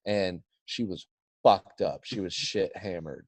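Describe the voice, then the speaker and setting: A man's voice: low-pitched, slow pace, no echo. A man telling a story as a podcast guest, swearing freely and acting out the quotes. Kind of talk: casual storytelling.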